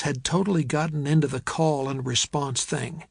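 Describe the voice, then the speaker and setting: Guy reading a novel, measured and thoughtful, slightly high voice, dry close recording. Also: steady tone, gravelly, breathy edge, dry recording. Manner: measured, reflective storytelling. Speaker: audiobook narrator. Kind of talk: first-person audiobook narration.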